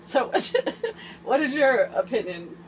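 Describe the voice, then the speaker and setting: A woman in her forties hosting a candid personal vlog, talking earnestly and haltingly with many fillers and restarts. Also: a little high, lively intonation, slight background noise, rough recording. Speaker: host.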